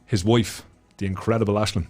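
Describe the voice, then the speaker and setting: His fairly low, slightly mellow voice keeps a steady tone while moving a little fast. He is a middle-aged Irish guest on a chat podcast, recounting his story passionately, swearing liberally and repeating words as emotion climbs.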